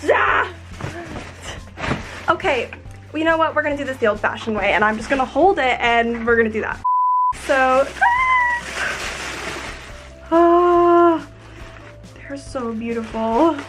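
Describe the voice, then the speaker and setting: A woman's voice: fairly high pitch, moderate pace, pauses often, music in the background. A young woman, bubbly and gushing as she unboxes new shoes in a vlog. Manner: bubbly and gushing, lots of "oh my gosh". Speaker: YouTube vlogger.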